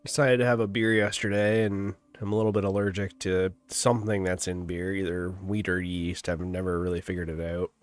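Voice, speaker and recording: A man's voice: sits low, brisk, hardly any pauses. A young man with a stuffy nose, chatting casually as a gaming livestream host. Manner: relaxed and rambling, chuckles often.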